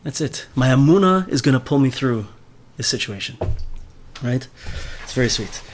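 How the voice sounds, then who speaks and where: A man's voice: medium pitch, normal speed. Man teaching a Torah class. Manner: animated, mixes Hebrew terms into speech, repeats words often.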